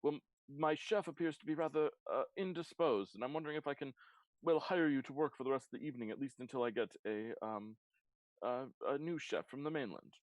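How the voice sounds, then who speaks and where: A man voicing a fastidious, formal male elf in a tabletop game, polite and fussy. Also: mid-range voice, dry recording, natural voice, poor audio. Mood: apologetic.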